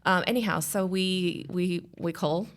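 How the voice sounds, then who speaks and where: A woman's voice: fairly low pitch, measured pace. A woman in her thirties giving an emotional personal testimony, storytelling with animation and acting out the voices of others. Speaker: guest sharing her story.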